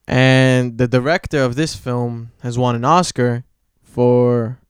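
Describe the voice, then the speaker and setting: A young man hosting a casual podcast, talking in a low-energy, laid-back way with lots of swearing. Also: steady tone, takes it slowly, smooth, no echo, clean studio sound. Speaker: podcast host. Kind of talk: casual chat.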